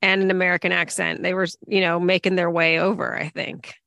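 A woman's voice: on the low side, little pitch movement, a little fast, gravelly, sharp tone, dry recording. A woman hosting a podcast in playful casual chat who laughs easily. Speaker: podcast host.

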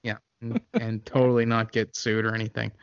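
A man's voice: lowish voice, flat delivery, brisk, clear, resonant tone. A man co-hosting a podcast, cracking sarcastic jokes while riffing on a movie. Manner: jokey, sarcastic asides. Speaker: podcast co-host. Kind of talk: casual movie riff. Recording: dull lo-fi sound.

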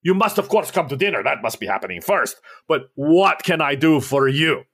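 A man's voice: fairly high pitch, animated, normal speed, fairly bright tone, husky, full character voice. A man voicing a boisterous Russian male officer with a Russian accent, jovial and grandiose.

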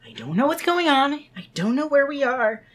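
A woman's voice: high voice, big pitch swings, moderate pace, pitched above the performer's own voice. A woman voicing a distraught female camp counselor in a tabletop game. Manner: overwhelmed and rattled.

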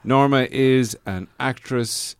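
A man's voice: mid-range voice, takes it slowly, clear, resonant tone, no room sound, studio quality. A man hosting a comedy podcast, playful and teasing with his guest. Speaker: podcast host. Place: studio.

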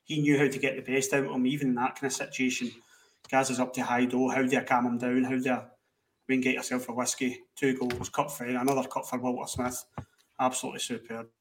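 A man telling a lively football anecdote in casual podcast chat. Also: mid-range voice, quick pace, recorded from a distance, slight background noise, poor audio. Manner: animated anecdote telling, swearing in quotes. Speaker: podcast co-host. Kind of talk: casual storytelling.

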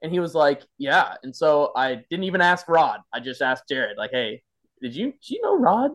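A man's voice: mid-range voice, moderate pace, fairly bright tone. A man hosting a casual podcast chat, eagerly prompting his guest. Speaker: podcast host, former player.

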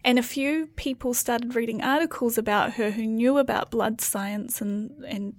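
New woman cohosting a podcast, kinda high voice, dry sound, rambly casual chat. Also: moderate pace, no echo. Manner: chatty, rambling with restarts. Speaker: podcast co-host.

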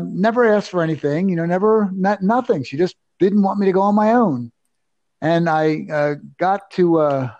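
Older guy telling his story, emphatic and sure of himself, kinda high voice, muffled dry sound. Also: no echo. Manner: animated, emphatic, self-assured. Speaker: guest. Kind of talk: anecdotal storytelling.

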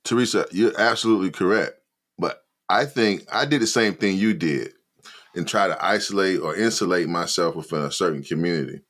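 A man's voice: deep voice, fairly quick, fairly bright tone. A man co-hosting a podcast, talking in a laid-back, conversational way. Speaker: podcast co-host. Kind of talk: casual discussion.

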